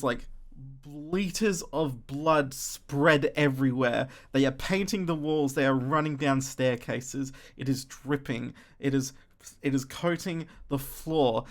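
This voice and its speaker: A man's voice: mid-range voice, a little hiss or hum. A man narrating as game master, describing scenes loosely with many fillers.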